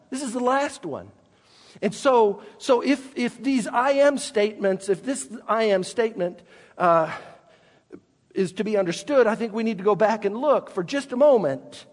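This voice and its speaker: A man's voice: high voice, long reverb tail. A man preaching a sermon as pastor, emphatic and given to repeating words as he restarts.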